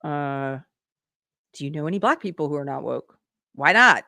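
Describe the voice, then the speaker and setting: With a low-pitched, creaky, sharp-toned voice and lively intonation at a moderate pace, a middle-aged woman hosts a live political commentary stream. She reads out viewer comments and earnestly asks rhetorical questions of her audience. The recording has no echo and is studio quality.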